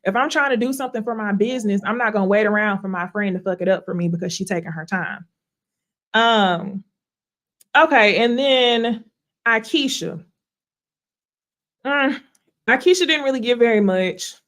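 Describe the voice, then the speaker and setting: A woman hosts a casual reality TV recap in an animated, blunt way. She swears freely and laughs often as she talks. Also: on the high side, moderate pace, pauses often. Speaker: host.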